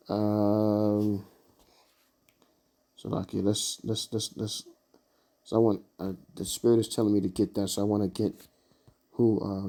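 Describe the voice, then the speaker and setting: Halting, mellow-voiced man teaching scripture. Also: lowish voice. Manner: halting, searching for words, many fillers. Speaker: Bible teacher. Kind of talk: informal scripture study.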